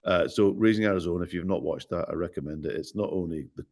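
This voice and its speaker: Glaswegian actor guest, middle-aged man, lowish voice, playful storyteller, casual chat. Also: quick pace, darkish tone. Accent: Glaswegian Scottish. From Scotland.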